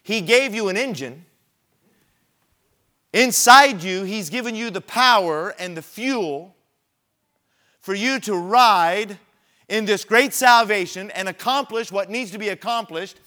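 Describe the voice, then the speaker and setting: A man's voice: high voice, measured pace, pauses often, bright, forceful tone. A man preaching a sermon, telling a personal story and building to emphatic preaching.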